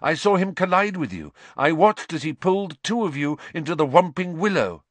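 A man's voice: fairly high pitch, big pitch swings, normal speed, no echo, pitched above the performer's own voice. A man lifting his voice as an urgent, earnest teacher.

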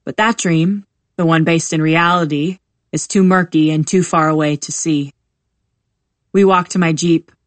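A woman narrating a first-person novel as an audiobook, in a measured, calm reading voice. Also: on the low side, dry recording.

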